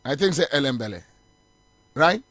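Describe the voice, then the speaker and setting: Ghanaian man, talk show host, high voice, very expressive, mixes Twi and English, dry sound. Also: moderate pace, dry recording. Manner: animated, switching between Twi and English. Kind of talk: commentary on viral videos.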